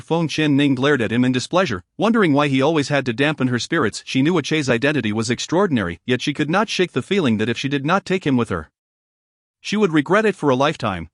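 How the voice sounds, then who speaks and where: Dry, slightly high male storyteller. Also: no room sound. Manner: even, formal reading. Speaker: narrator. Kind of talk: scripted storybook narration.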